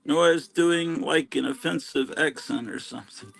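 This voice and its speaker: Here a man chats on a live stream at home, surrounded by stacks of comics, meandering and self-deprecating as he goes. His gravelly voice sits on the high side and moves a little slowly, captured on a poor-quality recording.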